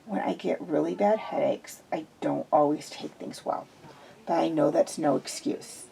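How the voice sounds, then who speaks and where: A woman voicing a quiet, apologetic man with a headache in a fan fiction reading. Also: mid-range voice, lively intonation, a little fast, vocal fry, a little hiss or hum, rough recording. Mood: remorseful. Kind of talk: fan fiction read aloud.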